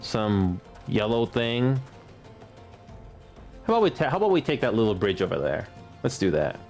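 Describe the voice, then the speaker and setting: A man in his late twenties streams a game and comments on it casually. He has a fairly low voice and a halting delivery, stumbling over words and restarting them. Faint game music runs underneath. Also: very animated, darkish tone. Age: late 20s.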